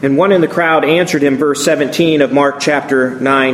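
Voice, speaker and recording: A man's voice: a little high, fairly even intonation, moderate pace, hardly any pauses, roomy sound. A man preaching a sermon as pastor, reading scripture aloud and acting out the quoted voices with feeling.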